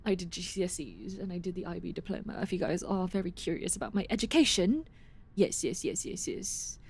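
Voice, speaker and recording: A woman's voice: on the low side, expressive, fairly quick, gravelly, a little mellow, husky. A young woman with an American accent, chatting casually as a streamer in a rambling, giggly way on a desk microphone at home. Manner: chatty and rambling, restarts sentences, giggles often.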